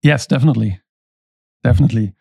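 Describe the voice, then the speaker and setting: A man's voice: medium pitch, gravelly, a little mellow, slightly rough, dry recording. German guy hosting a podcast, english not his first language, lots of uh and restarts, dry close sound. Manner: friendly, halting, many fillers and restarts. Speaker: podcast host. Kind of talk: casual interview chat.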